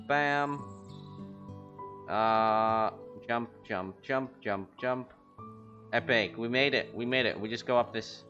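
A man streaming a game, rambling casually to his chat with quick excited outbursts. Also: fairly low pitch. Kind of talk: casual gaming commentary. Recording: lo-fi stream audio with faint music.

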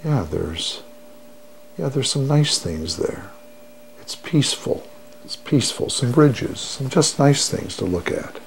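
A man guiding a listener through a hypnosis session, speaking in a soothing, unhurried way and repeating each affirmation. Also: medium pitch, big pitch swings, vocal fry, a little hiss or hum. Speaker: stop-smoking hypnotherapist.

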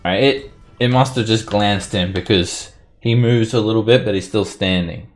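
A man's voice: lowish voice, normal speed, soft background music. A man running a tabletop game as game master, narrating casually with chuckles and fillers.

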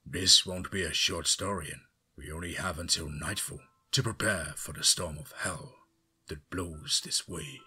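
A man voicing a calm, commanding older man who speaks slowly and gravely over a monitor in a horror story. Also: low voice, full character voice.

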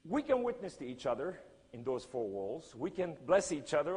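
A man preaching a sermon and telling a story in emphatic, non-native English, swinging between loud cries and hushed lines. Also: on the high side, sing-song, moderate pace, husky, in a large hall.

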